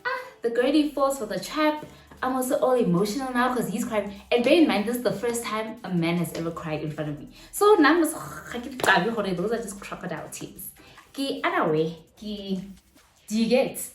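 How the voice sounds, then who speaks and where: A South African woman in her twenties telling a story from her own life in a chatty, animated vlog, mixing slang and local phrases into her talk. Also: on the high side, fairly quick. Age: 20s. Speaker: vlogger. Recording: roomy room with faint music behind.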